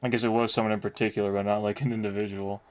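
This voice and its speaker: A man's voice: lowish voice, level tone, racing, faint music behind. A man streaming casually, chatting with his viewers in a laid-back way with frequent chuckles. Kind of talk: casual chat while drawing.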